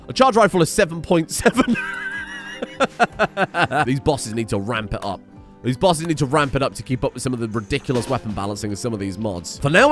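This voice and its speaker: A man commenting on a strategy game he plays, excitable and swearing, with sudden yelled outbursts. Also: a little high. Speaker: gaming streamer. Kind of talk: let's-play commentary.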